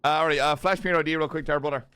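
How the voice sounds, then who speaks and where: A man's voice: fairly high pitch, steady tone, racing, bright, forceful tone, smooth, no room sound. Blunt, swearing man role-playing a lieutenant. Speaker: police lieutenant interviewing applicants in role-play. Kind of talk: casual gaming role-play chat.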